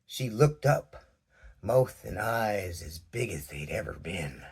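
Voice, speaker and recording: A man reads a children's tale aloud in a gentle, measured voice. His tone sits low and carries a husky grain. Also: very animated. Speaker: narrator. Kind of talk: storybook narration.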